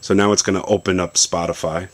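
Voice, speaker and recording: A man with a very deep voice walks through a phone demo in a basement, loose and chatty. He stops, restarts and fills gaps with "uh" as he goes. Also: quick pace, a little hiss or hum. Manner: relaxed, rambling explanation with many fillers and restarts. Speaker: tech video host. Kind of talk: casual tech demonstration.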